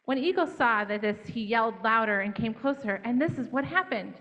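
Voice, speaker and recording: A woman telling a children's fable in a gentle, interactive way, drawing the children in to join. Her voice is fairly high, and the recording is dull and lo-fi. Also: animated, brisk. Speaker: church storyteller. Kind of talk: storytelling to children.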